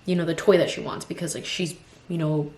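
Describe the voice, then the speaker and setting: Speaking a little fast in a low, slightly mellow voice with fairly even intonation, a twenties mother of two toddlers vents in a get-ready-with-me vlog. Her frank, rambling chat is packed with "like" and "you know," and the room echoes with faint ambience.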